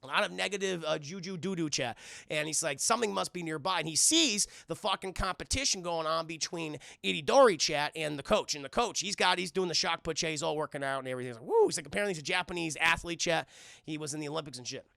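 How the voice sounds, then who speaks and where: A man's voice: fairly high pitch, quick pace, vocal fry, bright, forceful tone, dry recording, studio quality. A man giving a comedic, rambling, profane scene-by-scene recap of a cartoon, often addressing his chat. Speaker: streamer reviewing a cartoon.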